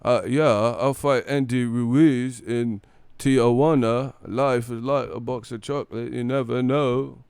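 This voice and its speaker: A dreamy heavyweight boxer rambles slowly with no real point, his sentences halting and wandering off, as a man puts on the voice. The sound is smooth and clean, slightly raised above a normal speaking tone, and recorded dry and close. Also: mid-range voice, steady tone, darkish tone, no echo. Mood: dopey.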